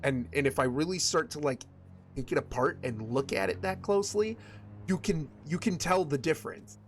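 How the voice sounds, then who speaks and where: On the high side and at a moderate pace, a man talks over a little hiss or hum. This West Michigan gamer with a Michigan accent chats casually with his stream's viewers, rambling and restarting his sentences often.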